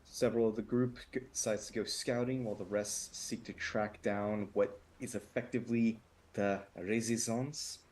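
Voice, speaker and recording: A tabletop game player giving a casual recap of the last session, unhurried and stopping to correct themself. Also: mid-range voice, fairly even intonation, a little mellow. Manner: unhurried, with fillers and self-corrections.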